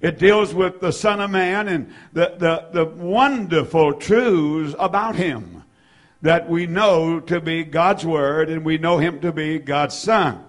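A man preaching a sermon, reading scripture aloud and repeating key phrases with slow, drawn-out emphasis. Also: a little high. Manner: reads scripture in old-fashioned wording. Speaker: pastor.

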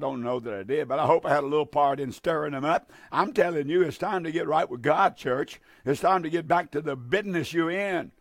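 A man preaching a fiery broadcast sermon, hammering phrases over and over and stumbling through fillers. His voice sits a touch high and carries a gravelly fry. The sound is close and dry. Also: dry recording. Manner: fervent, repetitive exhortation with many fillers.

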